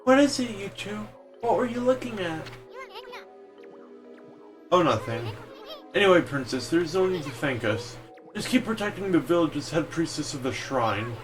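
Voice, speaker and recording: A man's voice: fairly high pitch, sing-song, moderate pace, pauses often, music in the background, voice pushed up. A man voicing a tiny, brash male bug companion from a game, talking bossily. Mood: teasing.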